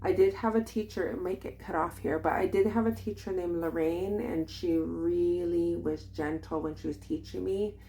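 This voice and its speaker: A woman with a thick Kwak̓wala-influenced English accent, teaching in a casual vlog, unhurried and loose with plenty of fillers. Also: fairly low pitch, steady tone, warm tone. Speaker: language teacher.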